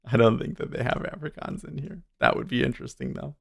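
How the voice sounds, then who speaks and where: A man's voice: mid-range voice, fast talker, creaky, breathy edge. A man chatting casually on a live trading stream, rambling and chuckling often.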